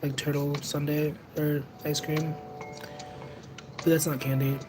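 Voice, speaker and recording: A young man chatting casually with viewers on a livestream, rambling and second-guessing himself out loud. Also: on the high side, level tone, a little slow. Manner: rambling, self-conscious, overthinks aloud. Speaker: livestreamer and tarot reader. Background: music playing in the background.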